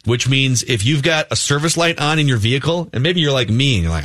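Chatty man co-hosting sports radio, with a middle-pitched voice. He talks easily, moving from sports gossip into live ad reads. The studio sound is dry and close. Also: animated, quick pace, a bit bright, no room sound. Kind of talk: sports talk radio banter.

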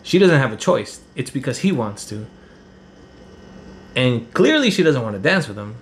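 A man's voice: medium pitch, sing-song, normal speed, slight background noise. A man, telling a personal story in a rambling, heated, profane way. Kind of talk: casual storytelling.

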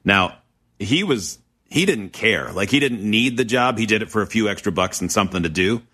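A man tells school stories in a loose group chat. His voice is bright and clear, and his humor runs crude and silly. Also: lowish voice, lively intonation, moderate pace. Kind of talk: casual storytelling chat.

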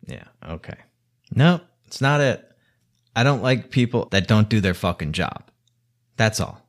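A man's voice: fairly low pitch, lively intonation, unhurried, pauses often. A man delivering an exasperated, scolding rant to the camera, swearing heavily. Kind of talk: angry rant monologue.

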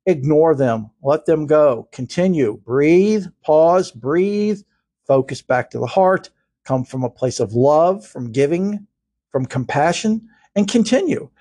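A man's voice: a little high, lively intonation, slow pace, mellow, slightly rough, dry recording, studio quality. A man hosting a spiritual podcast, talking in an earnest, preaching way with repeated phrases. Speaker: podcast host.

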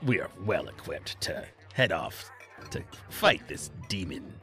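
A man playing a tabletop game, tossing in quick jokes. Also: low voice, sing-song, bright, forceful tone, faint music behind. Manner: quick, joking interjections. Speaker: player.

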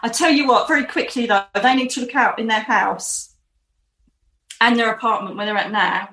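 A woman's voice: fairly high pitch, normal speed, pushed and bright. A woman giving a psychic reading, talking in an emotive, reassuring, rambling way. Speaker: psychic medium. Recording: roomy echo.

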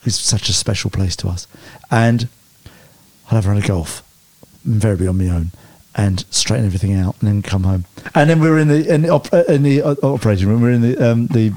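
A man telling lively personal stories as an interview guest, often stumbling and restarting mid-sentence. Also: fairly low pitch, quick pace. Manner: animated anecdotes with hesitant restarts. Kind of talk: storytelling interview chat.

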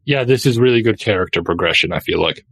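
A man co-hosting a podcast, chatting in a low-key, agreeable way. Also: expressive, fast talker, a bit bright, husky. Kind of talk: casual chat.

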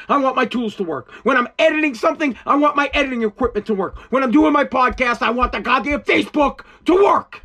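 A podcast host rants angrily about responsibility in a heated, profane monologue, repeating himself as his agitation builds. His voice is extremely high, fast, pushed, and bright, with few pauses.

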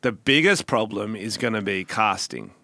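A man's voice: lowish voice, lively intonation, moderate pace, pushed and bright, dry recording. A young man co-hosting a comedy podcast, blunt and opinionated, laughing often between lines. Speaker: podcast co-host. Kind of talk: casual comedy podcast chat.

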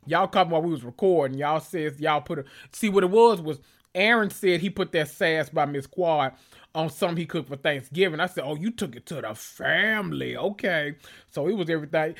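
A man's voice: fairly high pitch, a little fast, a bit bright. A man hosting a podcast, chatting casually and profanely, rambling with self-interruptions. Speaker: podcast host. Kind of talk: casual reality-TV recap chat.

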